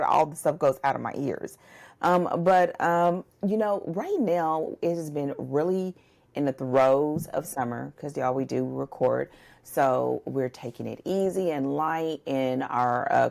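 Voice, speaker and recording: A woman with a very low, gravelly voice co-hosts a book podcast. She talks casually and loosely, full of fillers and asides to her listeners. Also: a little mellow. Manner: chatty, drawls "y'all, listen", many fillers. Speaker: podcast co-host and book coach. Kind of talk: casual chat.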